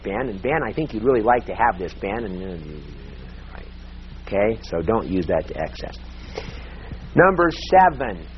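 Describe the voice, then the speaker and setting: A man teaching a sales seminar in a lively, emphatic way, laughing often. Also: mid-range voice. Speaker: sales trainer. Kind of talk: live seminar talk. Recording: dull lo-fi tape with faint hiss.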